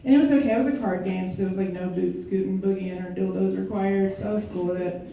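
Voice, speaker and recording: A woman's voice: mid-range voice, steady tone, quick pace, creaky, warm tone, slight background noise. An older woman performing stand-up, chatting her way through stories with little laughs and hesitations. Her voice sits in a middle range and is caught from a distance, ringing through a very echoey venue. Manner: conversational storytelling with fillers and laughs. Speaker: stand-up comedian. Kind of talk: stand-up comedy set. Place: live comedy venue.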